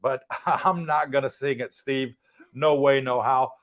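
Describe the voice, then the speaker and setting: A man's voice: mid-range voice, steady tone, measured pace, a bit bright. Middle-aged man, English accent, livestream host, chatty, teasing, reads viewer comments aloud. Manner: chatty, teasing, laughs often. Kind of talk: casual livestream chat.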